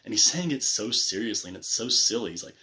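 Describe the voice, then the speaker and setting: A man's voice: lowish voice, expressive, quick pace, bright, forceful tone. A man reviewing a movie in casual, rambling commentary, full of restarts and asides. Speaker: film reviewer.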